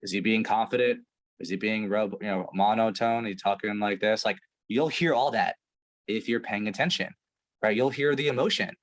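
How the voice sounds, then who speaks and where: Man coaching sales, energetic, emphatic, casual, video call. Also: fairly low pitch, moderate pace, rough recording. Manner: energetic, emphatic, lots of "right?" and "like". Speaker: sales trainer.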